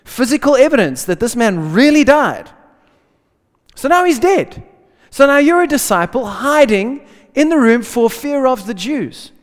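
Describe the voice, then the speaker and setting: A man preaching a lively sermon in casual slang, swinging between loud bursts and hushed asides. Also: extremely high pitch, measured pace. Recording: long hall reverb.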